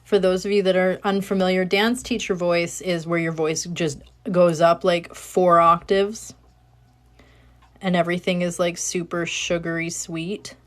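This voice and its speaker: A woman in her thirties with a soothing voice, chatting casually and rambling softly while she crafts at home, speaking into a phone. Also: on the low side, flat delivery, a little slow. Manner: chatty, rambling, soft-spoken. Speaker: craft livestreamer.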